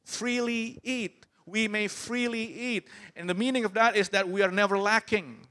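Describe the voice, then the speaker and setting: A man's voice: sits high, steady tone, normal speed, sharp tone. A man preaching a sermon, emphatic and often turning to the congregation with questions. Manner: emphatic, asks the crowd questions.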